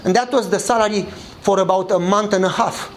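A man's voice: fairly quick, slight background noise, rough recording. Man telling a story in English. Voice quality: non-native English grammar. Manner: animated storyteller, acting out dialogue with changing pitch. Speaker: pastor. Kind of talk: sermon storytelling.

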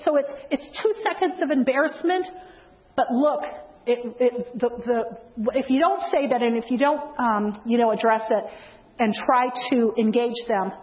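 High-voiced woman preaching to a church, acts out voices, kinda dull lo-fi sound. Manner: animated storytelling, acts out quoted voices. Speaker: church speaker training greeters. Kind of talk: sermon-style church talk.

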